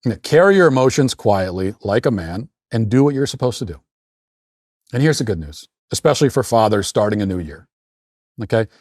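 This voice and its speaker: A man's voice: on the low side, lively intonation, a little fast, a little mellow, no room sound. Blunt lecturing man, dry close sound. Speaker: political commentator hosting a show. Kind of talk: opinion monologue.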